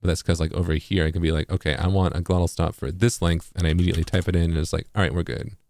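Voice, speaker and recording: A man with an East Coast accent giving a casual tutorial, relaxed and full of fillers, sounding words out as examples. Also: sits low, rapid-fire, gravelly, dry recording. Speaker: music producer and streamer.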